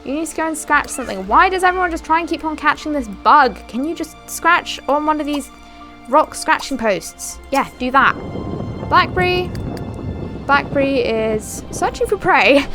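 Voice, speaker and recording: A woman's voice: sits high, very animated, unhurried, fairly bright tone, soft background music. A young woman giving casual let's-play commentary, chatting and giggling as she talks to her game characters. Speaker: gaming channel host.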